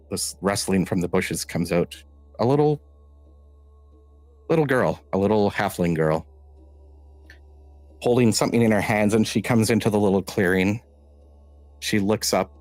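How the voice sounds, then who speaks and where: Deep-voiced guy running a tabletop game, slow halting storytelling, dry close sound. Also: dry recording. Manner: halting, measured storytelling with restarts. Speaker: game master.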